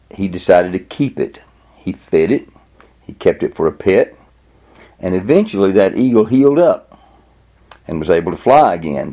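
Male preacher, sermon delivery; low gravelly voice with a warm mellow tone, lively pitch. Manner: halting restarts, acts out quoted voices in a raised pitch. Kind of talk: sermon with spoken illustrations.

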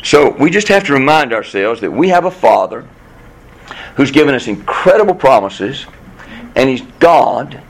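A man preaching a sermon, asking rhetorical questions and quoting scripture slowly and with emphasis. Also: sing-song, rough recording. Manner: emphatic, rhetorical questions, rising to high bursts; slows for scripture, speeds up in the story. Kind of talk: sermon with storytelling.

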